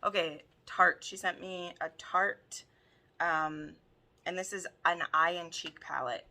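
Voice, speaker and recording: A woman chatting through an unboxing, gushing and excitable with frequent gasps. Her voice is bright and sits a little low, and she talks at an unhurried pace. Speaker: book video host. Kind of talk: casual unboxing chat.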